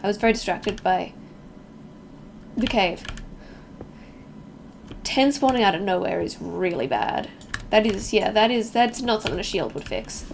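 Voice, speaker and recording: A woman's voice: mid-range voice, animated, unhurried, gravelly, pauses often, a little hiss or hum. A young woman from Melbourne with an Australian accent, chatting casually with viewers while streaming a game, reacting aloud and joking at her own expense.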